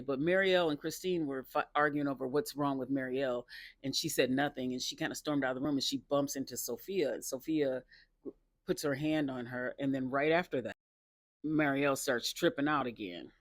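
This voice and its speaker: A man casually recapping a TV episode, chatty and laughing often, with excited personal asides. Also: medium pitch, normal speed, no room sound, clean studio sound.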